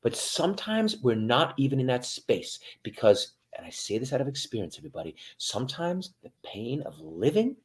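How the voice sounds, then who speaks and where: A male military veteran, speaking as a guest in a motivational interview, addresses listeners directly in a medium-pitched, very animated voice. He talks at normal speed with few pauses, swinging from hushed to loud.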